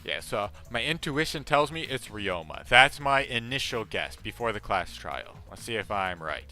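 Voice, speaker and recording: Guy streaming a game live, bright punchy voice, jumps around a lot, thinks out loud. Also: moderate pace, faint music behind. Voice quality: deep voice by his own account. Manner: excited, thinking aloud.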